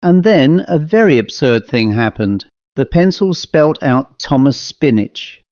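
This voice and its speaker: A man narrating a ghost story in a measured storytelling manner. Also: mid-range voice, big pitch swings, a little mellow, no echo. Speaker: audiobook narrator. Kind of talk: scripted narration. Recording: dull lo-fi dry recording.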